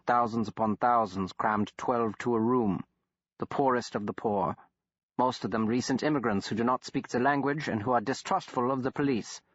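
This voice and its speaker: A man's voice: medium pitch, dry recording, lightly acted. A man voicing Von Hellrung, an elderly formal monster-hunter. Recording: dull, dry studio recording.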